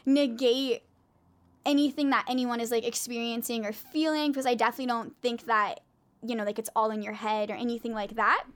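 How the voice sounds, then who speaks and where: A woman's voice: on the high side, fairly even intonation, a little fast. A woman co-hosting a live chat who talks in a thoughtful, supportive way. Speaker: co-host. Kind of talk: casual chat on a live stream.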